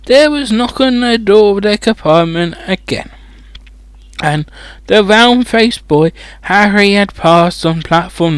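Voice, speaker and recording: Reading a children's fantasy book as a comedic audiobook, a man with a high, clean voice drifts into rambling asides full of swearing and mockery. There's no room sound.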